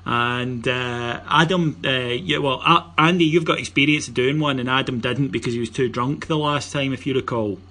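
With a bright, forceful, mid-range voice, a middle-aged Scottish podcast host reads out announcements at a moderate pace, rarely pausing. The chat is casual and full of jokes, banter, and promotion.

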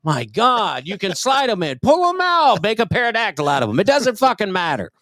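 A man in his forties telling a crude comic story on a podcast, profane and animated, acting out other people's lines. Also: sits high, a little fast, no room sound, studio quality. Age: 40s. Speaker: podcast co-host.

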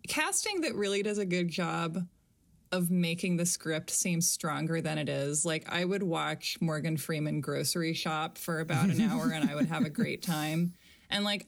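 A woman co-hosting a casual movie podcast, opinionated and wry as she talks film. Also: on the low side. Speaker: podcast co-host.

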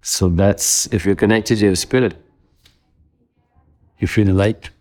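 A man in his seventies, a guest in an interview, calmly explaining his practices and listing ideas one by one in a measured way. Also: lowish voice. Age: 70s. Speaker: interview guest, wellness author. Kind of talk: calm interview answers.

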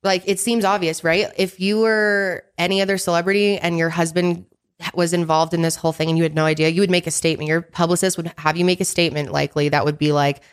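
A woman's voice: on the low side, little pitch movement, fast talker, clean tone. A woman co-hosting a casual gossip podcast, blunt and swearing freely, laughing at her own jokes. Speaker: podcast co-host.

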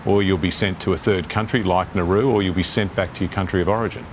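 Deep-voiced Australian man on a panel. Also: fairly even intonation, fast talker, a little hiss or hum. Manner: earnest, repeats words when pressed. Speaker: politician guest. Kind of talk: live TV panel debate.

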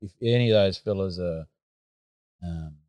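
A man hosting a podcast interview, asking long, hesitant questions with many pauses and fillers. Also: sits low, mellow, dry recording. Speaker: podcast host.

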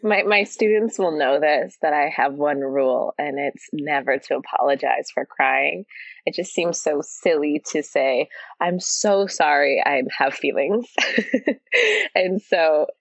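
Woman yoga teacher, guest, low gravelly voice, reflective and frank, dull dry audio. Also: a little slow, dry recording. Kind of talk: casual interview chat. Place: yoga studio.

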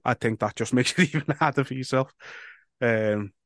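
This is a laid-back man putting questions to his co-host on a football podcast, wry and swearing casually. His voice is mid-pitched and recorded close, with a dry sound and no room echo. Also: moderate pace.

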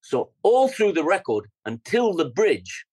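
Animated older English man telling stories. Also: sits high, a little slow, husky, dry recording, rough recording. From England. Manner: animated storyteller, scats rhythms and acts out quotes. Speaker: guest musician. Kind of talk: storytelling interview.

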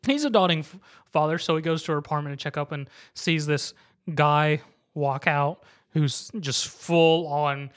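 A man's voice: a little high, unhurried. A man co-hosting a casual podcast, recapping a story animatedly and acting out the characters' lines. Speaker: co-host.

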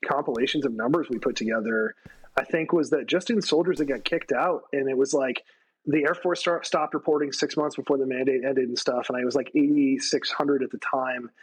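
Husky-voiced retired Army man telling stories. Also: rough recording. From United States. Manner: animated storytelling, acts out quotes with raised pitch. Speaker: guest, retired Army staff sergeant. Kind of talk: casual storytelling interview.

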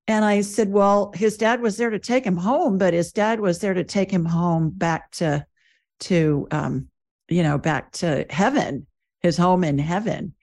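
Female podcast host, somewhat low pitch; reflective, conversational. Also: measured pace, a little mellow. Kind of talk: conversational interview.

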